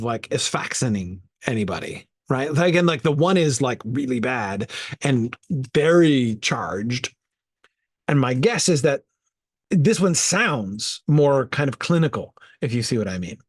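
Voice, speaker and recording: A man's voice: medium pitch, breathy edge, dry recording, studio quality. A man leading an informal Bible study, thinking aloud and sounding out Greek words as he goes.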